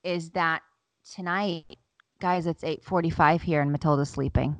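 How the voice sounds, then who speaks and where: A woman's voice: sits low, steady tone, moderate pace, no echo. A young woman co-hosting a podcast, telling candid, self-mocking stories and laughing often, sounding worn out. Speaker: podcast co-host. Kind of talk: casual chat.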